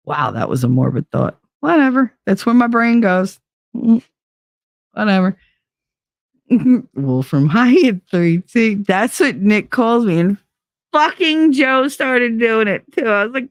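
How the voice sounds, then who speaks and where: A woman hosts a casual livestream, reading viewer messages and chatting in a profane, animated way. She laughs often as she talks. The sound is dry and close, with no room echo. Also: lowish voice, moderate pace. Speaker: livestream host.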